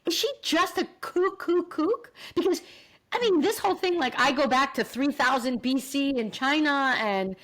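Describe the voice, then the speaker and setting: A woman's voice: high-pitched, moderate pace. A middle-aged woman co-hosting a podcast, chatting animatedly about reality TV. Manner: animated, exaggerated, laughs often. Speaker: podcast co-host. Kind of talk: casual chat about reality TV.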